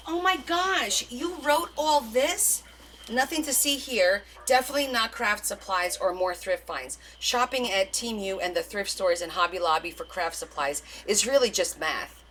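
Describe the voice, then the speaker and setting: A woman hosting a casual live craft stream, gushing and excitable as she opens gifts and reads notes aloud. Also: medium pitch, moderate pace, a little hiss or hum. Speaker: craft livestream host. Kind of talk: casual live unboxing chat.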